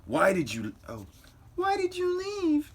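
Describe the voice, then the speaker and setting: A man's voice: very high-pitched, wildly swooping pitch, takes it slowly, a little hiss or hum, voice pushed up, heavily acted. A man voicing a worried, earnest young girl in a comic book reading. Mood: pleading.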